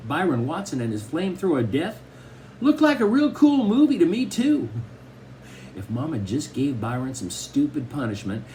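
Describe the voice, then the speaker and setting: Male reader for a kids' novel, lively rise and fall, faint hiss behind. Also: mid-range voice. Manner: expressive storytelling, first-person boy narrator. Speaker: audiobook reader. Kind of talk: reading a children's novel aloud.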